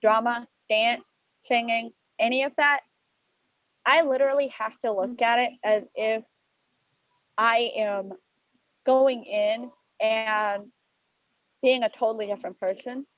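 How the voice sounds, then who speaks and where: A woman with a fairly high voice shares her view in a class, thinking aloud and restarting often. Her voice sounds dry and muffled, as if over a video call. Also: fairly even intonation, takes it slowly, long pauses, fairly bright tone, no room sound. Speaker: trainee. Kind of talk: class discussion. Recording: dry, dull lo-fi call audio.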